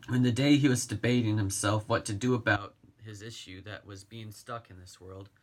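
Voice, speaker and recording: A man's voice: on the low side, steady tone, normal speed, close to an everyday voice. A man reading the part of a sixteen-year-old boy gamer, talking straight to the listener in a chatty first-person telling. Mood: reflective.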